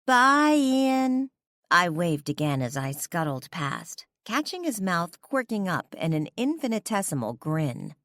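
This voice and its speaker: A woman reads a first-person romance audiobook in a low voice that still moves a lot in pitch. Her delivery is conversational and expressive, and the recording is dry and close. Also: a little slow, few pauses, no echo. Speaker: audiobook narrator.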